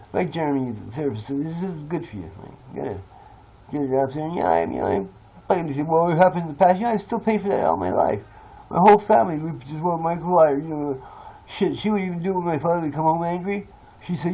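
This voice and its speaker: A man's voice: fairly high pitch, dark tone, breathy edge, poor audio. A man talking in a rambling, confessional monologue, blunt and swearing freely. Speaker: vlogger.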